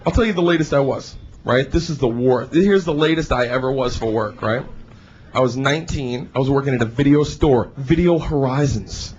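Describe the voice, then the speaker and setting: A male stand-up comedian doing a lively routine, animated and shouting at times, slipping into high put-on voices. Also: moderate pace, slight background noise. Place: comedy club stage. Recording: dull live club recording, audience. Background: audience laughter.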